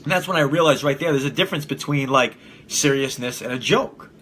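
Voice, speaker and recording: Blunt, profane young man with a bright voice. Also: medium pitch, a little fast, a little hiss or hum. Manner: blunt and profane, laughs at his own jokes. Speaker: podcast host. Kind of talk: casual solo podcast rant.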